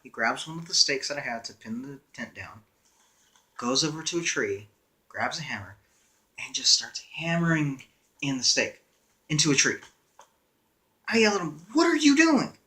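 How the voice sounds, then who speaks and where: A man's voice: medium pitch, normal speed, pauses often, pushed and bright. A young man casually telling a story in a wry, conversational way, with frequent "uh" fillers. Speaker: storyteller vlogger.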